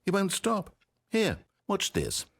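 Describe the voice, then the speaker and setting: An actor playing a dry, wry, all-knowing male game narrator with a measured, theatrical delivery. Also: sits high, huge pitch swings, vocal fry, full character voice. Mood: exasperated.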